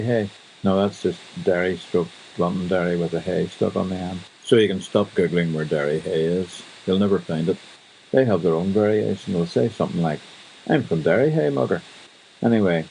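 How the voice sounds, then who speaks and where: A Northern Irish man rambles through a casual radio chat with dry humour. His voice sits very low with a gravelly fry and a dark, mellow colour. Faint hiss runs under the recording. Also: a little fast, low-quality recording. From Northern Ireland. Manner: chatty, wry storytelling. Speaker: radio host. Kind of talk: casual monologue.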